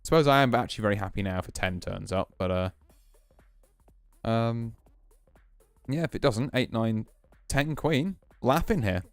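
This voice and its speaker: A man's voice: mid-range voice, moderate pace, long pauses, clear, resonant tone, no room sound, faint music behind. A man streaming a poker game, casually musing and explaining his hands as he plays. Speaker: VTuber streamer. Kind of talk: casual poker play commentary.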